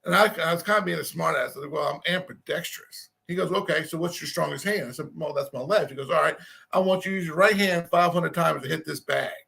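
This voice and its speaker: Casual male storyteller, self-mocking, raspy fry and a bright, high tone. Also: fast talker. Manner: rambling, self-deprecating, restarts and laughs.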